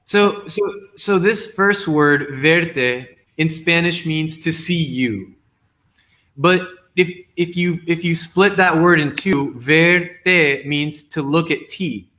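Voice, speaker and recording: A man's voice: on the high side, takes it slowly, sharp tone. A man on a video call reading his poem and explaining its wordplay, hesitant and often restarting or repeating words. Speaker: poet guest.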